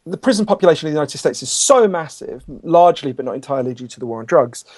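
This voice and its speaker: Author guest, man, slightly raised pitch, has a cold, frank and intense. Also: animated, fast talker, a little mellow. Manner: passionate, candid, with frequent restarts. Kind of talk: conversational interview.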